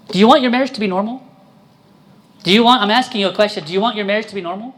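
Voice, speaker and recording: A man's voice: high-pitched, rapid-fire, fairly bright tone. A man preaching a sermon as a priest, quizzing his congregation and pressing his points with emphasis.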